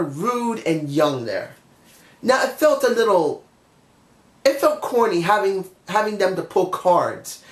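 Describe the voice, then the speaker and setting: A man with a high-pitched voice talks through a show in a chatty, opinionated way. He often corrects himself mid-sentence. The sound is roomy and echoey. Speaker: wrestling show reviewer. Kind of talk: casual review monologue.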